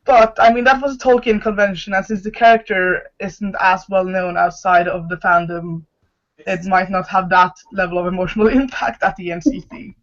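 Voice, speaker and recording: A woman's voice: mid-range voice, fairly even intonation, moderate pace. Woman co-host, chatty explainer, muffled video-call audio. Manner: chatty, explains at length with many ums. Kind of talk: casual chat over a video call.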